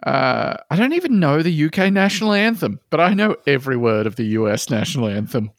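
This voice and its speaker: A man's voice: fairly high pitch, sing-song, brisk, no echo, clean studio sound. A man co-hosting a comedy podcast, reading a listener post aloud and mocking it with plenty of swearing. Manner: sarcastic, mocking, swears a lot.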